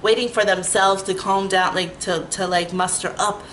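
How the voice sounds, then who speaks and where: A woman's voice: mid-range voice, normal speed, slight background noise, low-quality recording. Lady ranting about her day, lots of likes, cusses a bunch, kinda fired up. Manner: animated, heavy 'like' fillers, swears freely. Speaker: storyteller. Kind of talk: casual storytime rant.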